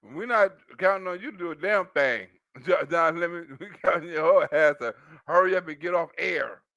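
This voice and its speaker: A man's voice: a little high, normal speed, gravelly, a bit bright, no room sound, dull audio. A man hosting a reaction video, mocking clips in casual commentary and laughing often.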